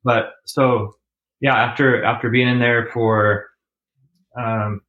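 A young adult man, an interview guest, telling his story in a relaxed, halting way with many pauses. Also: mid-range voice, narrow, tinny audio. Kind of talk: casual storytelling.

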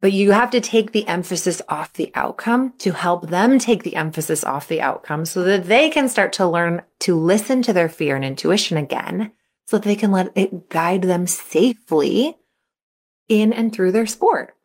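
A young woman coaching parents on her podcast, in a somewhat low voice. She talks in a loose, chatty way full of fillers and restarts. When she acts out a quote, her voice leaps up in high, excited bursts. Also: normal speed. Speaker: mental skills coach for young athletes. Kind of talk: casual advice podcast.

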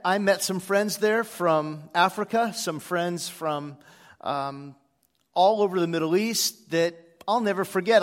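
A man, one of the church's pastors, preaching a sermon to his congregation in a relaxed storytelling way, with frequent "uh" fillers. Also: sits high, big-room sound. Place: church sanctuary.

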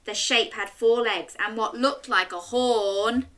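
A woman reading a picture book aloud to children, animated and asking her listeners questions. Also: fairly high pitch, slow. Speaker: children's story reader.

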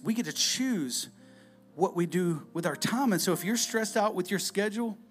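A man preaching a sermon, casual and conversational, swinging between loud bursts and hushed asides. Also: high-pitched. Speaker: pastor.

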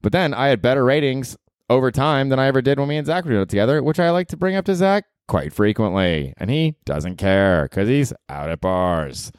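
A man in his forties hosting his own podcast, rambling through a solo monologue with lots of swearing, self-mockery and sudden high mock voices, recorded at home in a dry close setup. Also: lively intonation, fairly quick, clean tone, no echo. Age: 40s. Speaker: podcast host and stand-up comedian. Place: New York apartment. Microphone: handheld field recorder.

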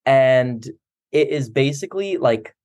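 A man's voice: mid-range voice, animated, a little slow, darkish tone. A man co-hosting a podcast, talking loosely and at length in casual chat. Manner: loose, talkative, laughs at himself. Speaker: podcast co-host.

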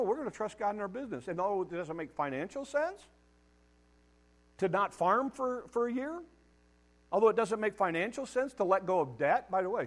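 A middle-aged man delivers a sermon in a slightly high voice. He speaks emphatically and addresses his listeners head-on, repeating words as he drives a point home. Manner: direct challenges to the congregation. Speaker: pastor.

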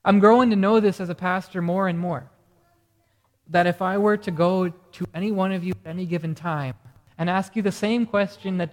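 A pastor delivering a morning sermon earnestly, asking the congregation rhetorical questions. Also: mid-range voice. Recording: reverberant hall sound.

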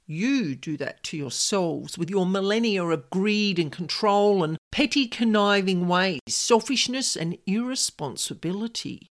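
A woman voicing a proud, terse male demon commander who speaks slowly, boldly and firmly. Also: medium pitch, animated. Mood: annoyed. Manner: slow, bold and firm.

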